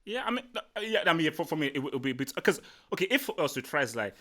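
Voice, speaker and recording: A man's voice: on the high side, fast talker. A man hosting a casual live football chat, rambling and repeating himself as he talks. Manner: rambling, repeats words, animated. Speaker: livestream host.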